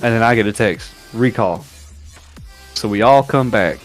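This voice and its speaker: Man telling loud barracks stories. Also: lowish voice, moderate pace, soft background music. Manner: animated, acts out shouted quotes while telling war stories. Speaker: podcast co-host. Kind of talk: casual storytelling on a livestream.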